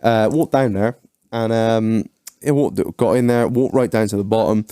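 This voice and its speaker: A man's voice: lowish voice, moderate pace, clean tone, no room sound, clean studio sound. A man hosting a casual podcast, telling stories full of swearing. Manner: profane, animated anecdote-telling. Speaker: podcast host.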